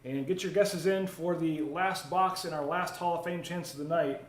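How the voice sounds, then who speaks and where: A man's voice: fairly high pitch, steady tone, normal speed. A man hosting a live card break, chatting casually while opening packs and reading out viewer comments. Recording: roomy echo, faint ambient noise.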